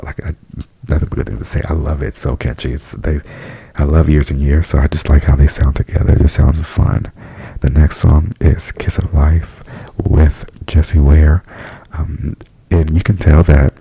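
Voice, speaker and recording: A man softly speaking and whispering in a chatty ASMR review, full of fillers, close to the mic. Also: a bass voice, dry recording, poor audio. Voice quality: whispery, breathy.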